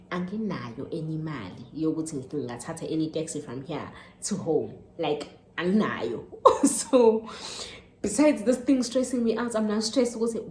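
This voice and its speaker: A young woman in her twenties with a South African accent telling a storytime vlog, animated and switching between Zulu and English. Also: deep voice. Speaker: YouTuber. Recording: echoey room, faint noise.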